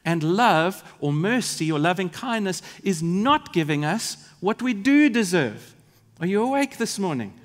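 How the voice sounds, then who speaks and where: A man's voice: high-pitched, very animated, unhurried. A man from Africa, preaching a sermon in an earnest, vivid way with asides to the congregation. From South Africa. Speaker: pastor. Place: large church. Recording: long reverb of a church hall.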